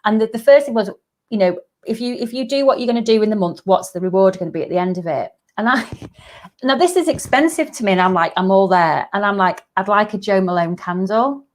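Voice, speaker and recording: Brief: middle-aged woman, business coach guest, mid-pitched voice, easy laugh, agreeable. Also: animated, fast talker. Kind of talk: casual chat.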